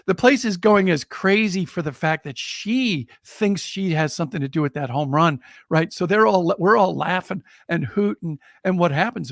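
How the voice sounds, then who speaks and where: A middle-aged American man, a storyteller, telling a personal anecdote on a podcast in a lively way and chuckling as he goes. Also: a little high, vocal fry, no room sound, clean studio sound. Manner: lively, chuckling, builds excitement as he tells it.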